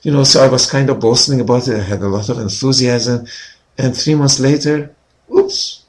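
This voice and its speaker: A man's voice: mid-range voice, normal speed. A man being interviewed as a healer, telling a personal story in an earnest way with many "you know" fillers.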